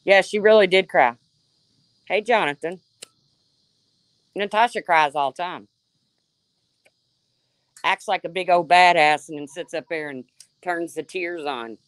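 A woman's voice: fairly low pitch, measured pace, long pauses, dry recording. A woman hosting a livestream, sarcastically calling out a rival and answering her chat by name. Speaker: livestream host. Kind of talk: confrontational livestream rant.

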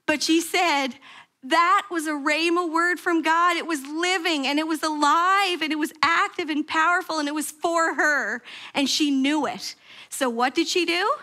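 Woman pastor, high and bright, animated sermon storytelling in church. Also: measured pace. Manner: animated storytelling, acting out quoted prayers with sharp pitch jumps. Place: church sanctuary.

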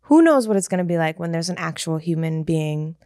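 A woman's voice: on the low side, lively intonation, fairly quick, warm tone, dry recording, clean studio sound. A young woman co-hosting a podcast, blunt and casual, swearing freely. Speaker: podcast co-host. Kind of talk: casual group chat.

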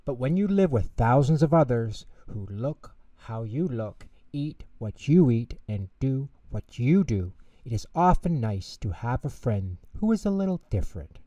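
Expressive male bedtime storyteller. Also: medium pitch, measured pace, hardly any pauses, no room sound, far from the mic. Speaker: storyteller host.

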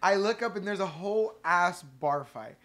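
Animated swearing young man telling stories. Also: sits high, normal speed. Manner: animated storyteller, swears a lot, acts out quotes. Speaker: podcast co-host, band member. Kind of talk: casual podcast chat.

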